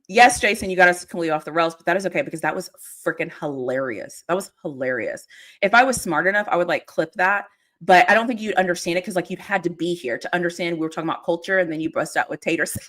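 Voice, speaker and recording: A young adult woman hosting a casual livestream, chatting with her viewers and laughing often. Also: fairly low pitch. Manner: giggly, animated, laughs often. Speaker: livestream host. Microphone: desk mic.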